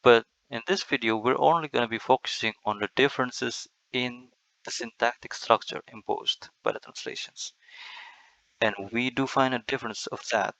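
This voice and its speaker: Man, lecture voice, gravelly, bright tone, dry close mic, step-by-step explaining. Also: mid-range voice, dry recording, low-quality recording. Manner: explains step by step with frequent fillers and restarts. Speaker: teacher. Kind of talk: screen-recorded lecture.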